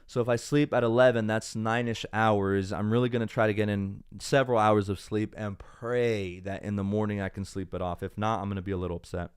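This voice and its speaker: A man's voice: fairly low pitch, moderate pace, few pauses, clean tone, no room sound, studio quality. A young man hosting a casual live stream, chatting upbeat with viewers and slipping into Spanish now and then, while feeling unwell. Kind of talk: casual live-stream chat reading comments.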